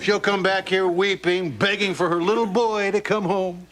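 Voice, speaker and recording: A man's voice: high-pitched, steady tone, moderate pace, noisy background, natural voice. An actor playing a crude, bitter middle-aged father in a sitcom, talking in a sardonic, scoffing way. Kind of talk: sitcom acting. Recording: sitcom audio with loud studio laughter. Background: audience laughter.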